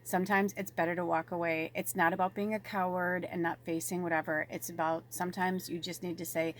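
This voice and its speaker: A woman giving a casual spiritual tarot reading, chatty and animated, swearing freely and dropping at times to a soft near-whisper. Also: lowish voice, a little fast, few pauses, slight background noise. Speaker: tarot reader and medium.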